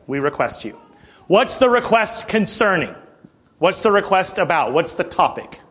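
A man's voice: a little high, a bit bright. A man preaching a sermon in a conversational way, breaking down scripture with asides and acted quotes. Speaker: pastor.

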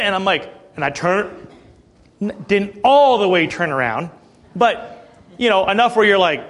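A man's voice: high voice, lively intonation, measured pace, pauses often, fairly bright tone. A man in his late thirties preaching a sermon in an earnest, conversational way, with asides and rhetorical questions. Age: 30s.

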